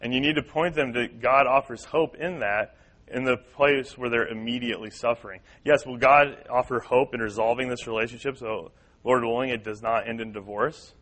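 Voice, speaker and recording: A man's voice: mid-range voice, fairly even intonation, normal speed, fairly bright tone, rough recording. Earnest man teaching a church class. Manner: earnest, repeats key points, acts out quoted voices.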